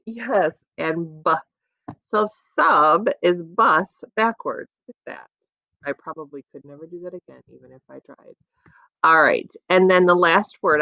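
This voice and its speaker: Low, gravelly-voiced patient woman teacher. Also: pushed and bright, no echo, lo-fi sound. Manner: patient, encouraging, sounds out letters slowly. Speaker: elementary school teacher. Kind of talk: recorded phonics lesson for young children.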